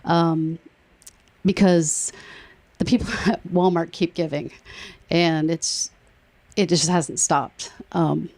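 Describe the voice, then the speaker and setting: Low-voiced woman giving an emotional speech. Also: fairly even intonation, slow pace, long pauses, no room sound. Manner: emotional, warm storytelling with laughs. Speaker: nonprofit board treasurer. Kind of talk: speech at a public event.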